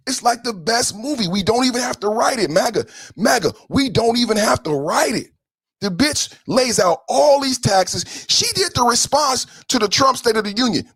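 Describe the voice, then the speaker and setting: A man hosts a profane political livestream in a raised, husky voice. His pitch leaps all over as he mocks, shouts and sing-songs his taunts, and the sound is dry and close. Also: animated, moderate pace, no room sound. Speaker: podcast host.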